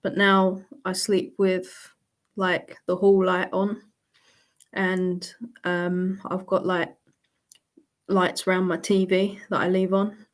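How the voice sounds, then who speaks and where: Slow-talking woman hosting a live Q&A. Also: lowish voice, monotone. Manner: chatty, laughs often, reads out viewer questions. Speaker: livestream host answering viewer questions. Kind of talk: casual live Q&A chat.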